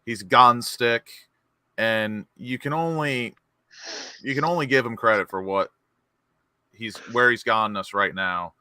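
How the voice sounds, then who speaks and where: A man's voice: medium pitch, measured pace, long pauses, bright, forceful tone, smooth, no echo. A man on a fan panel, earnest and firm, calling others "mate" as he argues his point. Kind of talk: casual post-match chat.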